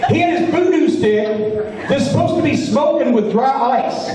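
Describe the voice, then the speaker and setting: A man animatedly telling a comic story live on stage, shouting and laughing between lines. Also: extremely high pitch, lively intonation, a little slow. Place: large live venue. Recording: echoey hall from far off, with crowd. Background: audience laughing.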